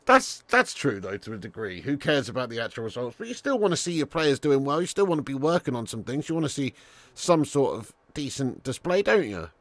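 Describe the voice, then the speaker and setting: A man's voice: mid-range voice, very animated, fairly quick, few pauses, fairly bright tone, no room sound. Chatty man hosting a football watch-along. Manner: casual and chatty, swears, calls viewers lad. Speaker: streamer and watch-along host. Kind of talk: live football watch-along commentary, reading chat.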